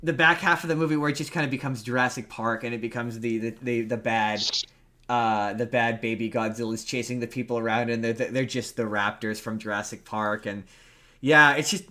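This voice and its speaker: A man's voice: mid-range voice, steady tone, fairly quick, pushed and bright. A man co-hosting a podcast over a remote call, chatting about movies in a rambling way, with lots of restarts and fillers. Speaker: podcast co-host. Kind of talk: casual movie chat.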